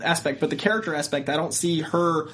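Fast-talking co-host, quick and joking. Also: mid-range voice, a bit bright. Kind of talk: casual chat.

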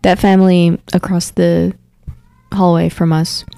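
A woman's voice: lowish voice, level tone, unhurried, gravelly, mellow, smooth, dry recording, faint music behind. A young woman co-hosting a podcast in casual chat, upbeat and teasing, recorded in an apartment room. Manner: teasing, upbeat, reads listener comments aloud. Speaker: podcast co-host.

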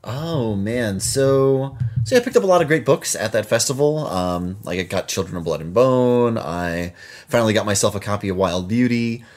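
A man co-hosts a relaxed book chat, his pitch leaping up and down as he gets excited. He talks in loose, restarting sentences full of fillers and laughs easily. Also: normal speed. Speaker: podcast co-host. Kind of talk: casual chat about books.

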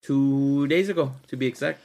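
A man's voice: medium pitch, moderate pace, darkish tone. A young man hosting a casual podcast, talking loosely and animatedly and swearing freely, calling his co-host dude and bro. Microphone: podcast studio mic.

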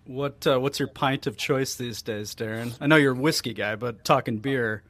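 A laid-back man hosting a podcast, his middle-pitched voice recorded close and dry. He asks questions with easy hesitations. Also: normal speed, fairly bright tone, dry recording. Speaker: podcast host. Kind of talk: casual chat.

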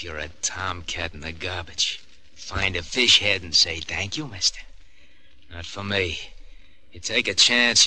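A man's voice: on the low side, pushed and bright. An actor playing a desperate young crook who talks in tough street slang and swings from snarling to begging his mother. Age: young adult. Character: desperate young male small-time crook, bitter and pleading.

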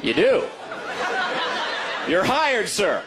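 A middle-aged man performing a stand-up comedy set before a laughing crowd, animated and quick to slip into high mocking voices. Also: heavy background noise.

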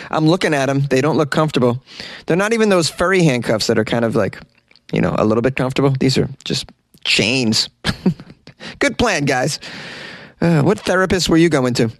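A man's voice: mid-range voice, lively intonation, normal speed, no room sound. A man hosting a comedic weird-news podcast from a small closet, reading stories and mocking them sarcastically. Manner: sarcastic, mocking commentary with laughs. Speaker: podcast host.

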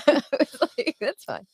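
A woman co-hosting a podcast, telling stories in upbeat, casual chat. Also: no echo. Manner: lively, upbeat storytelling with laughs. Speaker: podcast co-host.

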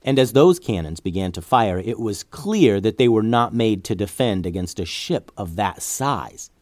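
Low-voiced man reading a story. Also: lively intonation, normal speed, darkish tone, no room sound. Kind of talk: storybook narration.

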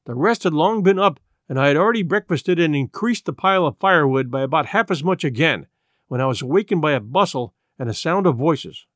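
A man narrating a classic adventure novel in an expressive storytelling manner. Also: fairly high pitch, a little fast, dry recording, studio quality. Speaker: audiobook narrator.

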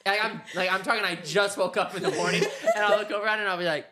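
A woman's voice: medium pitch, fast. A woman co-hosting a casual podcast chat, telling stories and laughing often. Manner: laughs often, lively storytelling. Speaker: podcast co-host.

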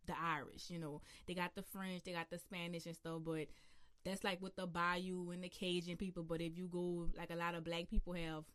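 Woman, New Orleans accent, young adult, casual interview guest, slang-heavy, smooth voice, dry close sound. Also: lowish voice, brisk, no room sound. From New Orleans, USA. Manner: relaxed, laughs often, uses local slang.

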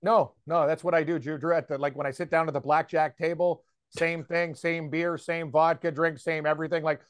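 A man with a slightly raised voice, talking in a loose, rambling way and piling on fillers as he gets excited. He co-hosts a sports betting show and chats casually about his picks. The sound is dry and close, with no room around him. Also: a little high, fairly quick, clean tone, no echo. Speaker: sports betting podcast co-host. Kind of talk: casual chat.

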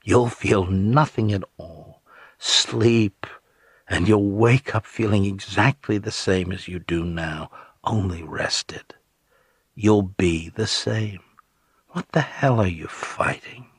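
A calm, coaxing man speaks with soft, insistent patience, sometimes sinking to a near whisper, as a male narrator puts him on. His voice is low and husky, recorded close and dry. He sounds gentle but cold. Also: slow, dry recording, heavily acted. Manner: soothing, insistent, dropping to a hush. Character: calm, persuasive middle-aged man, coldly gentle.

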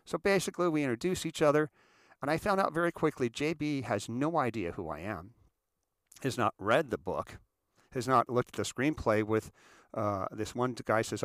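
A man, an author answering questions, telling a long story in a lively casual way with frequent repeated words and asides. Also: mid-range voice, moderate pace, no room sound.

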